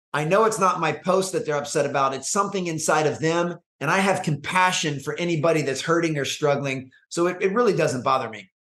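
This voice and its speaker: A man speaks as an interview guest in a slightly raised voice. His delivery is measured and reflective, and he restarts phrases as he goes. The recording has a roomy echo. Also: on the high side, a bit bright. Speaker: guest, performance coach and speaker. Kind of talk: conversational interview.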